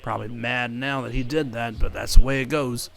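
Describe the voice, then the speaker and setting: A man's voice: mid-range voice, steady tone, fairly quick, creaky, fairly bright tone. Man muttering through his gameplay. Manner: muttering play-by-play, mild frustrated outbursts. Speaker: gaming video creator. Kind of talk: casual gameplay commentary.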